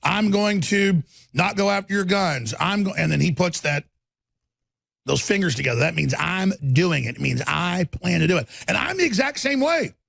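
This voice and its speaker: A man's voice: sits high, expressive, moderate pace, creaky, fairly bright tone, no room sound. A man hosting a talk show, delivering a rambling, impassioned monologue into a studio microphone.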